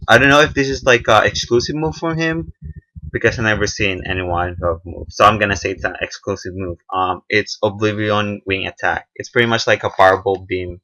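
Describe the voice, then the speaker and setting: A young man giving casual, unscripted commentary on a game trailer, halting often with fillers and restarts. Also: on the low side, bright, forceful tone. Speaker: gaming video reviewer.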